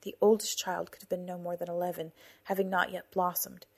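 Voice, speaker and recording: A woman in her thirties narrating a story for her podcast, calm and measured. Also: on the low side, vocal fry, slightly rough. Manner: calm, soft-spoken and measured. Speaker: author and narrator of a fiction podcast.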